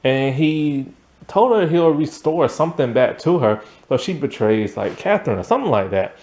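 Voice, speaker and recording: Animated, rambling young man reviewing a show. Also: a little high, normal speed. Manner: rambling, full of ums and likes, chuckling. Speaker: TV series reviewer. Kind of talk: casual spoken review.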